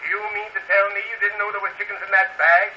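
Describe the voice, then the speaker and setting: A man playing a stern judge who briskly scolds defendants in a vaudeville comedy sketch. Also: high-pitched, level tone, pushed and bright. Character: stern, gruff small-town male judge. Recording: dull lo-fi cylinder with faint hiss.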